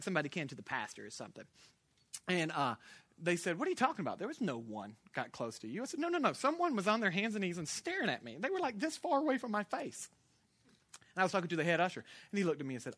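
A man preaching a sermon, telling a lively story with big swings between loud and hushed delivery. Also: sits high, slightly rough, no room sound.

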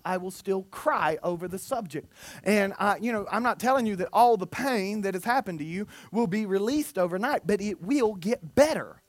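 A man, preaching a sermon as pastor, lively and self-mocking. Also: high voice, no room sound. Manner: animated, self-mocking, with put-on quotes of listeners. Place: church.

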